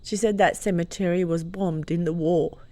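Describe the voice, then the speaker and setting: A woman, a guest telling a personal story in an interview, lively, moving from hushed to loud. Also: fairly low pitch, moderate pace, no room sound. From Croatia.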